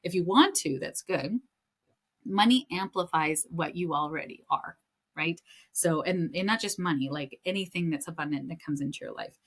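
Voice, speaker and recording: A woman's voice: lowish voice, normal speed, a bit bright. A woman hosting a podcast, telling stories in a casual, chatty way with many fillers and some enthusiasm. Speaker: podcast host. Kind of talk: casual spiritual talk.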